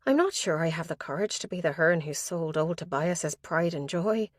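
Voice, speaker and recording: A woman narrator voicing a grieving young woman who is tearful, soft and hesitant. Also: deep voice, animated, moderate pace, dry recording, studio quality.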